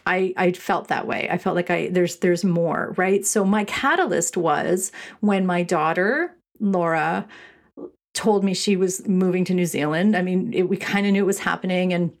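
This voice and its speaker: A middle-aged woman from Canada hosts her own podcast, speaking in a loose, rambling way with many restarts. Her voice sits a little low for a woman. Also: normal speed. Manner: rambling, with frequent restarts and laughs. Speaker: podcast host and shop owner. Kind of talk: casual solo podcast talk.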